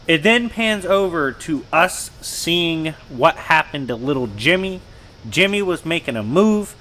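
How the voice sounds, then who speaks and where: Male host recapping comics in loose slang, bright edgy tone, a touch higher pitched. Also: measured pace, slight background noise. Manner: slangy, animated retelling of dialogue. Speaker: comic book channel host.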